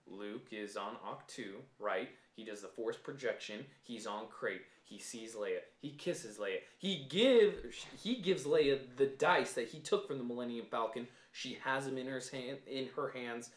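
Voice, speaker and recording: A man co-hosting a casual fan podcast, laying out his points step by step in an animated, argumentative way. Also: mid-range voice, unhurried, hardly any pauses, roomy sound. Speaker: podcast co-host.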